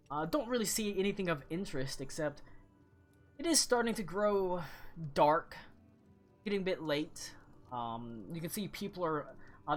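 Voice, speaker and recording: A man serves as game master for a tabletop fantasy game, narrating in a relaxed, hesitant way with plenty of filler words. His voice sits a little high.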